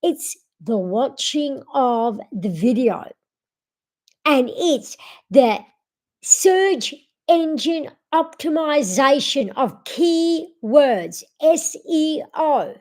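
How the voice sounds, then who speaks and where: A woman's voice: sits high, lively intonation, extremely slow, darkish tone. A woman vlogger chatting casually and expressively to her viewers. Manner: talks to viewers and coos at her pet. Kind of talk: casual livestream chat.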